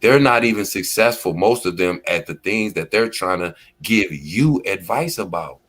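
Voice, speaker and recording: Laid-back man, low voice, AAVE. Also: expressive, moderate pace, fairly bright tone. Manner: laid-back storytelling, acts out quoted lines. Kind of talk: casual commentary talk.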